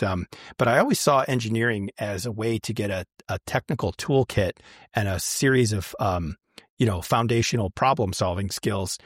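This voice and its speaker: A man's voice: on the low side, dry recording, studio quality. A man telling stories about his life in a casual, chatty way, with many fillers and restarts. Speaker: guest. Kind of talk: casual storytelling.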